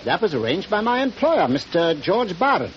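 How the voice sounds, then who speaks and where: An actor playing a gruff, plain-spoken male sea captain in a 1940s radio drama. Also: high voice, sing-song, moderate pace. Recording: dull old radio recording with hiss.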